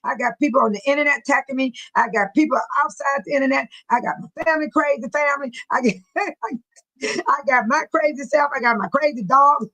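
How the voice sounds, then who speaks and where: A middle-aged woman from California talks casually on a livestream from her home, and her voice sits notably high. She chats loosely and warmly with her viewers, calls them by name, and breaks into frequent laughs. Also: a little fast, poor audio. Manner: chatty, laughs often, addresses viewers by name. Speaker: livestream host. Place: home room near a bathroom.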